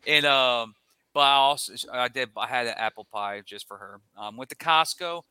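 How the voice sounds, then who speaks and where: Bright, crisp-voiced man telling family stories. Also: medium pitch, normal speed, dry recording. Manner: animated storyteller, acts out family members' lines. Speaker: podcast co-host. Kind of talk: casual chat.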